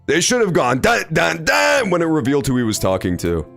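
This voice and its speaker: A young man streaming a game, reacting loudly and swearing often in casual commentary. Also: fairly high pitch, a little fast, creaky, faint music behind. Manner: animated, reactive, swears often, loud outbursts. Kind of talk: let's play commentary.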